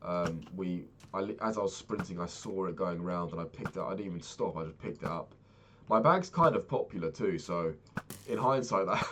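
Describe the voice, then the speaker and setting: The clip has background noise behind a young man's deep voice as he vlogs a travel story. It's casual, profane, and rambling, delivered as an animated retelling.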